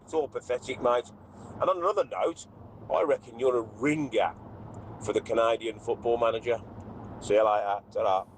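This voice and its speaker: Blunt middle-aged caller. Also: male voice, mid-range voice, moderate pace, a little hiss or hum, rough recording. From Birmingham, England. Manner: blunt, exasperated, chatty. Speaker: radio caller.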